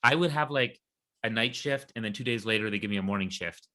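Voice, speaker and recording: Joking young man with a bright voice. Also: fairly low pitch, fast talker. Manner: relaxed, joking, laughs easily. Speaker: podcast co-host. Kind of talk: casual chat.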